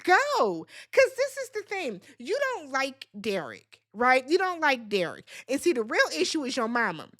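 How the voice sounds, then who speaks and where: A woman's voice: sits high, huge pitch swings, normal speed, hardly any pauses, fairly bright tone. A woman hosting a reality TV recap, talking in a blunt, sassy and profane way. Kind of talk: casual recap commentary.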